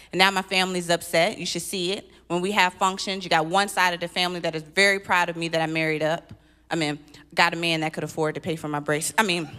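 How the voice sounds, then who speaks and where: A woman performing a stand-up comedy set on a church stage, with punchy, animated delivery and sudden loud exclamations. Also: fairly low pitch. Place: live stage at a church event.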